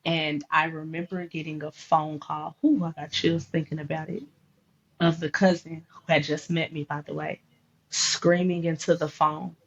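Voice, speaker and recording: A woman with a husky, breathy voice tells a faith story in a podcast conversation. She is animated and acts out the dialogue she recounts. The audio is dull and lo-fi. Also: deep voice, moderate pace.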